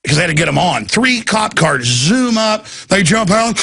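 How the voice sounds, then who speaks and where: A man's voice: high-pitched, gravelly, sharp tone, slightly rough. A man hosting a talk show, commenting over a video clip in a mocking, heated way. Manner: mocking, puts on drawling voices, laughs.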